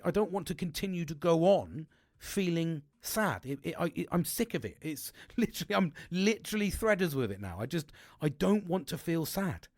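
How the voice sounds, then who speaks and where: A man's voice: fairly high pitch, sing-song, moderate pace, dry recording, studio quality. A middle-aged man talking openly and emotionally about his struggles, rambling with many restarts and frequent swearing. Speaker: podcast host. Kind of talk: candid personal talk.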